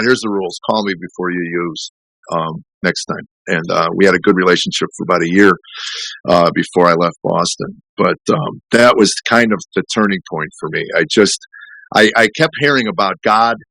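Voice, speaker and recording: A middle-aged man with a very low voice tells a long, candid story in a podcast conversation. He rambles, restarts sentences and acts out the voices of others. The sound is dry and close, with no room echo. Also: bright, forceful tone. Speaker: comedian guest.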